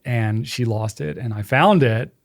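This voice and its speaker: A man's voice: medium pitch, a little slow, creaky. A man co-hosting a casual podcast chat, telling loose stories in an easygoing way and laughing often. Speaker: podcast co-host.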